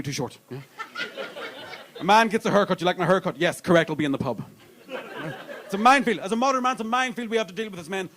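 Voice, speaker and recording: A man's voice: on the high side, fairly bright tone. A male stand-up comedian telling crude stories on a comedy club stage into a handheld mic. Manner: brash, crude storytelling. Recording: live club with audience noise.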